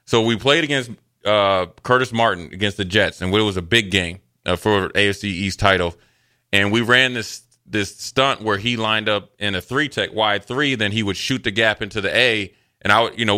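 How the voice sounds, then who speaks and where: A former NFL player co-hosting a sports radio show shares stories from his playing days in a loose, chatty, animated style, acting out what others said. His voice sits on the low side and moves at a normal speed.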